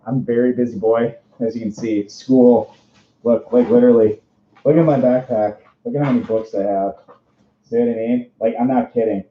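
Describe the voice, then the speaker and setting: A man in his twenties with a Minnesota accent, hosting a casual livestream interview. He talks from inside a costume suit, rambling, bubbly and quick to laugh. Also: mid-range voice, steady tone, a little hiss or hum. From Minnesota, USA. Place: indoors, speaking from inside a fursuit. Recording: roomy, dull lo-fi stream audio.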